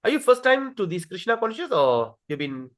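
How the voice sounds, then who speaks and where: Casting note: a male devotional teacher with a high, very expressive voice, who chants words slowly to demonstrate them. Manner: addresses listeners directly, checks with "okay?". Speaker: teacher leading a scripture study.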